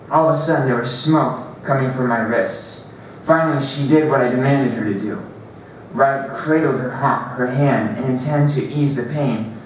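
A man's voice: medium pitch, a little hiss or hum. A man reading his own first-person story aloud at an open mic, stumbling and correcting himself as he goes. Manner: halting, restarts and corrects himself. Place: library event room. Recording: very echoey room, distant mic.

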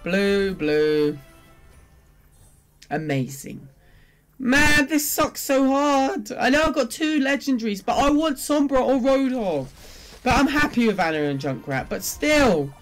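An excitable gamer reacts out loud while opening loot boxes, swinging between glum muttering and sudden shouts. The voice sits in a middle pitch and bounces around a lot. Faint game music plays underneath. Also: slow. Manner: complains and pleads at the game. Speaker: gaming video creator.

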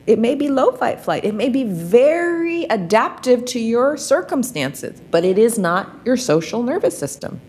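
In this guided practice talk, a woman coaching a wellness workshop asks many rhetorical questions as she walks listeners through exercises. She speaks a little high and a little slow, very animated and with hardly any pauses, in a darkish tone over slight background noise.

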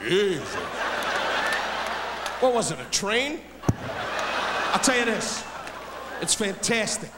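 An older man doing live insult stand-up on a theater stage, loud and brash as he barks jabs at the audience. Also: sits high, very animated, slow, pauses often, big-room sound. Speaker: insult comedian. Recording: live theater show, loud crowd and noise. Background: loud audience laughter.

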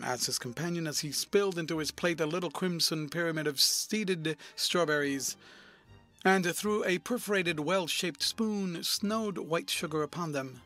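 A man reading a classic novel aloud as an audiobook narrator, with measured, even storytelling. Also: a little high, soft background music. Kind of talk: scripted narration.

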